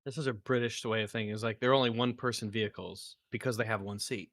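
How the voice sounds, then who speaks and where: A man's voice: on the low side, fairly even intonation, fast talker, very noisy. A man co-hosting a podcast, chatting casually and joking while reacting to videos. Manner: laughing, joking, swearing. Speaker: podcast co-host.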